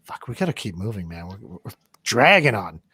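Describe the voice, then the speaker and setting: A man hosting a casual movie commentary chat, joking around and dropping into quick impressions. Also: on the low side, breathy edge, no echo, studio quality. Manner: joking, animated, breaks into impressions. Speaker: podcast host.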